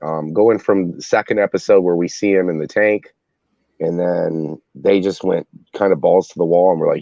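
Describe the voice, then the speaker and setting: A man co-hosting a casual review chat, talking hesitantly with many pauses and fillers. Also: sits low, fairly even intonation, creaky, mellow, dry recording. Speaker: podcast co-host. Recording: dull, dry, lo-fi audio.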